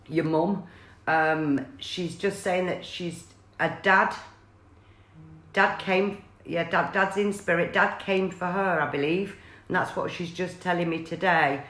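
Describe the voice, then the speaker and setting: A woman talks through a live-streamed reading in a chatty, rambling way, full of fillers and restarts. Her voice sits a little low. The sound carries a roomy echo. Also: fairly bright tone. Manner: chatty, relays messages with many fillers and restarts. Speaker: psychic medium.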